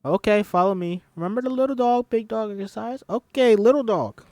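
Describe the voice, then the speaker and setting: A man voicing a loud, pushy male choir teacher who shouts theatrical coaching at his students. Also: high voice, a little fast, no echo, studio quality, voice pushed up. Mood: coaxing.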